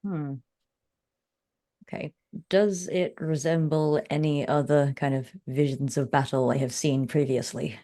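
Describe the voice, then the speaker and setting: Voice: mid-range voice, steady tone, unhurried, mellow. A player in a tabletop game speaking in character, asking short, curious questions.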